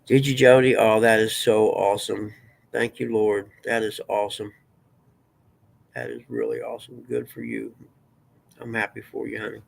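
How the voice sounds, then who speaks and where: A man's voice: fairly low pitch, level tone, moderate pace, vocal fry, long pauses, poor audio. A man hosting a casual livestream, chatting folksily with viewers and reading news aloud. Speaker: livestream host.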